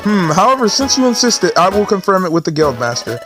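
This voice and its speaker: A man's voice: high voice, very animated, fairly quick, over music, voice pushed up. A man voicing a fussy, pompous male bird who serves as a guild assistant, talking in a prim, officious, lecturing way.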